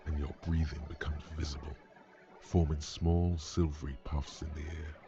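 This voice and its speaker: A grave, brooding inner-voice narrator in a video game. The voice is extremely deep and gravelly. The game audio is a little dull, with faint music under it. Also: male voice, flat delivery, moderate pace.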